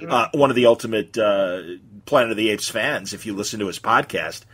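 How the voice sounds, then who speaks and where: A man's voice: lowish voice, fairly quick, fairly bright tone, breathy edge. A man hosting a podcast in casual chat, talking with easy enthusiasm. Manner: chatty, enthusiastic about films and comics. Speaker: podcast host.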